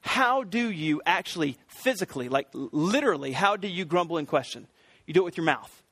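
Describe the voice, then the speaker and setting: A middle-aged man preaching a sermon, earnest and emphatic, building to excited peaks. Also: fairly high pitch, a little fast, husky, no room sound. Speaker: pastor.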